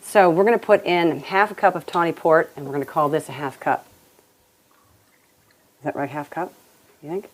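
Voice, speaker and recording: A woman's voice: deep voice, fairly even intonation, normal speed, long pauses. A woman hosting a cooking show in a home kitchen, chatting and joking her way through a recipe. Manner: chatty, playful, laughs often. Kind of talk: casual cooking demonstration.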